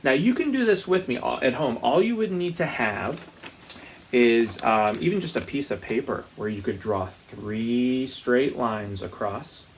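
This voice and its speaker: A male music teacher leads young children through a lesson in a gentle, patient way. His pitch swings widely as he sings high sliding sounds. He speaks slowly and takes his time. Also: lively intonation, slight background noise. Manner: gentle, patient, demonstrates vocal slides with high sung ooh sounds.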